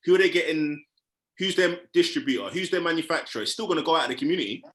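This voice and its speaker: A man with a bright, forceful voice walks through his reasoning step by step as a guest on a group podcast. His voice carries a noticeable echo from the room around him. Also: a little high, animated, rapid-fire. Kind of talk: discussion on a podcast.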